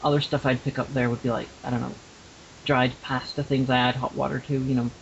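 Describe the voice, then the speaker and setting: A man from Northern Ireland co-hosting a podcast in casual chat, hesitant and halting as he talks. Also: medium pitch, little pitch movement, creaky. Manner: hesitant, many fillers and restarts. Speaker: podcast co-host. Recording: lo-fi with faint hiss.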